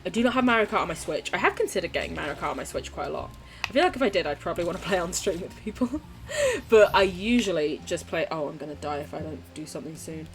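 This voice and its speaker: Streaming a game, this young British woman keeps up a casual chat with her audience, reading chat between plays. Her voice is on the low side and she speaks quickly, swearing freely and laughing a lot.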